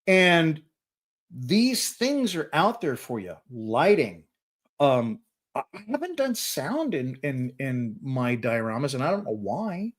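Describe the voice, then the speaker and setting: A middle-aged man hosting a live Q&A from his hobby workspace, talking in an excitable, rambling way and often repeating words as he starts a sentence. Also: mid-range voice, takes it slowly. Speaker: host. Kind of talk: live-stream Q&A chat.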